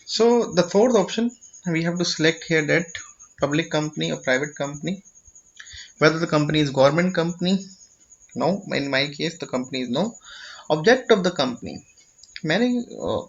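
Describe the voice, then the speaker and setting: Indian English male tutor, fairly high voice, patient step-by-step explainer, muffled lo-fi recording. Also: expressive, moderate pace, vocal fry. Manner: repeats "okay?" to check understanding, with frequent restarts. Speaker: tutorial presenter. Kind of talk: explanatory screen-share tutorial. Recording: dull lo-fi audio.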